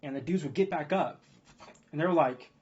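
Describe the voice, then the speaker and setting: A man who makes video blogs swears his way through a repetitive rant about the news, peppered with rhetorical "guess what" questions. His slightly high voice is a little mellow and fairly quick, heard through a muffled recording.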